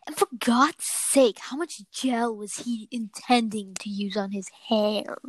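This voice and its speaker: A young woman reading a story aloud with a friend, playful and quick to break into giggles. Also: on the high side, crowd noise, poor audio. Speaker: story reader.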